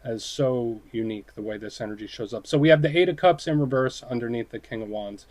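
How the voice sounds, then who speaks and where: A man's voice: medium pitch, quick pace, darkish tone. A man giving a casual tarot reading, talking straight to his viewers in a chatty way and often acting out short quoted lines. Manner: chatty, addresses viewers directly, acts out short quoted voices. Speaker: tarot reader.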